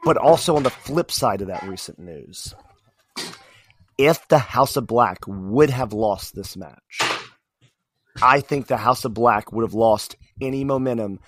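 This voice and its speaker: Animated man chatting about wrestling. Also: medium pitch, a little slow, no echo. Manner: animated, rambling wrestling fan talk with fillers. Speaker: podcast co-host. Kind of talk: casual chat.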